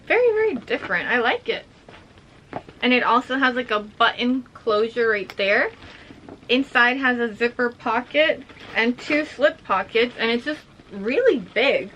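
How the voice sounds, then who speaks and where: A young woman chatting excitedly through an unboxing vlog, a little out of breath and full of "like". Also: on the high side, measured pace, highs cut off, a little hiss or hum. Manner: excited, chatty, heavy use of "like". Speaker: vlogger.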